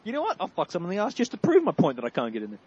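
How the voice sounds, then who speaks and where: A man co-hosting a podcast, ranting crudely and quickly over a remote call. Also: sits high, husky, lo-fi sound. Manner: fast, profane, animated rants. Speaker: podcast co-host. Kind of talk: casual crude banter.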